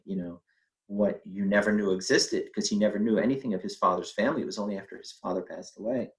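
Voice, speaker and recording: Man telling a family story, lowish voice. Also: steady tone, fast, low-quality recording. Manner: conversational, with fillers and acted quotes. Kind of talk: personal storytelling.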